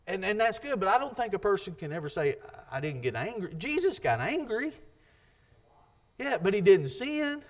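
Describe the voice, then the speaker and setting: A man's voice: high-pitched, very animated, normal speed. A man preaching a sermon, earnest and repetitive, quoting scripture and restarting his sentences.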